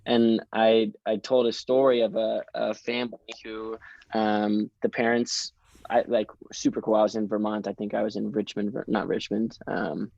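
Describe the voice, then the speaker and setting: A man's voice: on the low side, a little mellow, no room sound, highs cut off. A young man telling stories as a guest in a casual podcast interview, in an enthusiastic, chatty way. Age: young adult.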